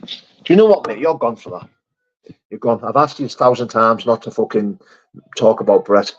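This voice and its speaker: Male streamer, blunt and matey, middle pitch, slightly muffled stream audio. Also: lively intonation, normal speed. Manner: blunt, laddish, swears, laughs often. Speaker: live stream host reading chat. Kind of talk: casual live chat.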